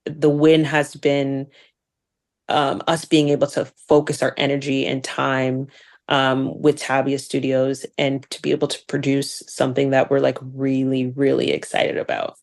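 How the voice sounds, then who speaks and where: A woman actress and producer chatting as a guest in a casual interview, animated and laughing often, with many fillers. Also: a bass voice, unhurried.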